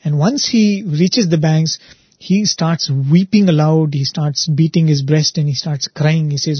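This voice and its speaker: A man's voice: on the high side, fairly even intonation, measured pace, husky, dry recording, dull audio. A man giving an earnest spiritual talk, telling a story and often asking "right?" for emphasis. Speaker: spiritual speaker, show host.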